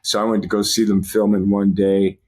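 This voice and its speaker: Low-voiced man reminiscing fondly. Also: little pitch movement, normal speed, darkish tone. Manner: rambling, fond, full of fillers. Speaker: guest. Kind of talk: casual podcast reminiscing.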